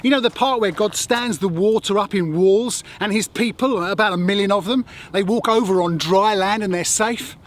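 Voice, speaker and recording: A man's voice: high-pitched, normal speed, few pauses. An English man preaching a sermon as a pastor, earnest and conversational, asking rhetorical questions.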